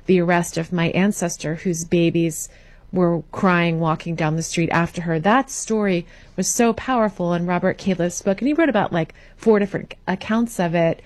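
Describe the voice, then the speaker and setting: A woman guest on a radio talk show, telling history in an animated way with many fillers. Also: fairly low pitch, moderate pace. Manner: animated storytelling with frequent fillers. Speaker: guest author. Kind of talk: radio interview.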